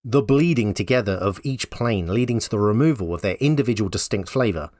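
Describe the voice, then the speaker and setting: Low-voiced wry male commentator. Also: lively intonation, brisk, darkish tone, no echo. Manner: wry, blunt, conversational. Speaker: YouTube commentator. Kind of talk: opinion commentary.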